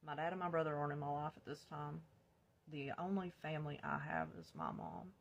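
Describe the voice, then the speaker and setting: A woman's voice: low voice, animated, a little fast, gravelly, highs cut off. A woman vlogger telling her own life story in a blunt, confessional storytime, swearing freely. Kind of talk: candid storytime.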